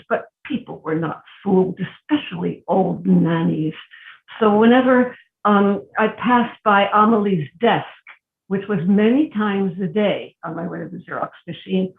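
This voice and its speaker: Older woman storyteller, wry and unhurried, on a tinny video call from a roomy space. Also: medium pitch, vocal fry. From New York City. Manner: wry, unhurried, with self-mocking asides. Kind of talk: personal storytelling. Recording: phone-like, echoey room audio.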